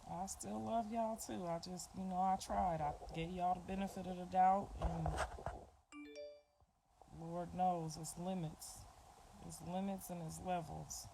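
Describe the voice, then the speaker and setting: A woman's voice: lowish voice, steady tone, measured pace, gravelly. Blunt middle-aged woman on a phone livestream. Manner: blunt, repetitive, informal talk. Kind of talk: casual livestream chat. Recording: clicking noise behind the voice.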